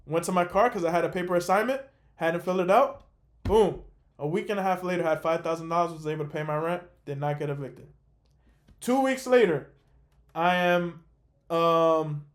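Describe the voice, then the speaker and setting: A young man hosting a call, telling a story in a casual, animated way with lots of fillers. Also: a little high, normal speed. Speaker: host.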